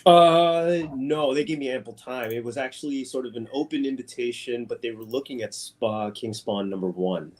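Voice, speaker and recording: A guest artist chats in a casual interview, telling his story with animation and jumping up in pitch whenever he quotes someone. He keeps a moderate pace with hardly any pauses.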